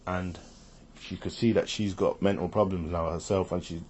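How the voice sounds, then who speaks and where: Husky low-voiced man telling a story. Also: normal speed, darkish tone. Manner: rambling, repeats himself, quotes others. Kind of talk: personal storytelling.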